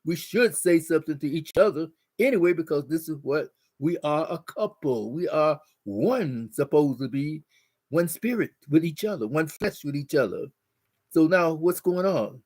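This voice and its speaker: Man, storytelling, animated, acts out dialogue, slightly high voice. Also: moderate pace. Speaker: speaker on marriage. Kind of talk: storytelling talk.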